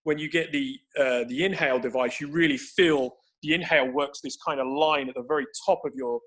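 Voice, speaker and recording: A man on a video call, coaching breathing for grappling. His voice sits a bit high for a man. He explains in an instructive way and restarts his sentences often as he thinks aloud. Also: fairly even intonation, brisk, a bit bright. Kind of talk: explanatory conversation.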